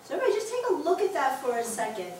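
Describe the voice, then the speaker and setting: A woman teaches a class of adults, explaining each point patiently and reading words out slowly. Her voice is a little high and comes from across the room. The classroom sounds very echoey, with faint room noise behind her. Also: very animated. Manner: encouraging, explains patiently, reads aloud slowly. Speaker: Hebrew teacher. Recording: very echoey classroom taped from far off.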